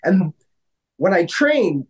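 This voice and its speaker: A man co-hosting a casual podcast, telling stories in an animated way with lots of fillers and some swearing. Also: high voice, takes it slowly, breathy edge. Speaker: podcast co-host. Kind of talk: casual chat.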